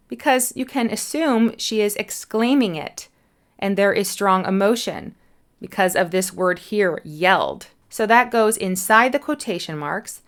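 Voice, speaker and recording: In this English punctuation lesson, a woman speaks in a mid-range voice. She patiently and clearly walks through every answer and takes her time spelling letters aloud.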